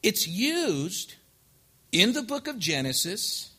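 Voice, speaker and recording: A male pastor preaching a lively sermon, acting out the couples he counsels and rising to loud emphasis. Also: high voice, slow, breathy edge.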